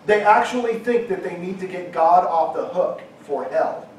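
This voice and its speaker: A middle-aged man preaching a sermon, emphatic, at times shouting and acting out quoted objections. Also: sits high, moderate pace, a little hiss or hum. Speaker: pastor. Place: church hall. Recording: very echoey hall from far off.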